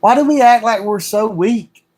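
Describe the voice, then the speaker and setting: Male livestream host, higher-pitched, heated ranting delivery built on repeated rhetorical questions. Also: moderate pace, darkish tone, breathy edge. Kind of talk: solo livestream monologue.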